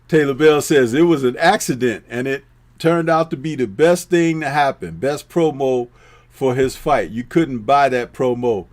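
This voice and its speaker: A man hosting a boxing talk live stream, chatting casually and reading out viewer comments with a laid-back, drawn-out delivery. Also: medium pitch.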